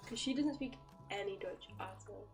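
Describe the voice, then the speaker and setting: A woman's voice: medium pitch, normal speed, a little mellow, far from the mic, soft background music. A young woman with a British accent, chatting casually with her roommate in a teasing, offhand way. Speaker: streamer's roommate. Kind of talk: casual chat.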